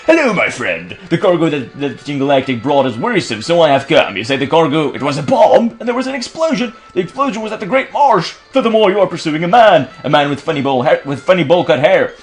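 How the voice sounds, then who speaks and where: A man's voice: fairly high pitch, animated, fast, hardly any pauses, faint music behind, lightly acted. A man playing a stiff, formal detective. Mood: earnest. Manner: stilted, formal phrasing.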